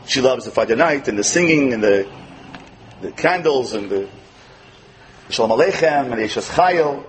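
A man giving a storytelling sermon as a religious teacher, acting out quotes with animation and dropping to soft, tender tones. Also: medium pitch, expressive, normal speed, slight background noise, rough recording.

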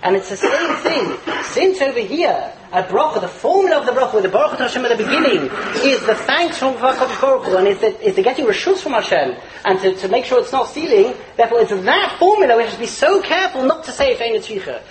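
A man teaching a Torah class in a lively lecture, chuckling as he explains and mixing Hebrew and Yiddish terms into his English. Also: extremely high pitch, fast talker, a crowd in the background, rough recording. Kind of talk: animated religious lecture.

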